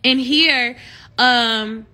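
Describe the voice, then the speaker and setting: A bright, high-voiced young woman chats casually on a live stream. She often slips into animated, encouraging preaching, with a forceful edge to her tone. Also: very slow. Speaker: livestream host.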